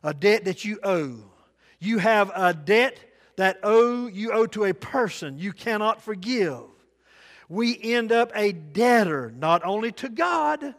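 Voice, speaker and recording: A man preaching a sermon, telling folksy stories in dialect and shifting between loud and soft delivery. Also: high voice. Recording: long hall reverb.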